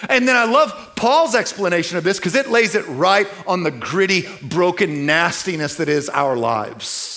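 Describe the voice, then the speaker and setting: Animated, high-voiced male preacher. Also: moderate pace, hardly any pauses. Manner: animated, conversational, rhetorical questions to the audience. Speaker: pastor. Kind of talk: sermon.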